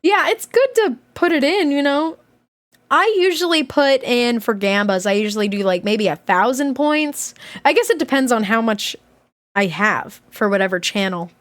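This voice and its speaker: A woman streamer with a fairly high voice talks casually to her viewers from a room at home. She is excitable and chatty, and her voice jumps up into loud squealing shouts when something thrills her. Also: normal speed. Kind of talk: casual live-stream chat.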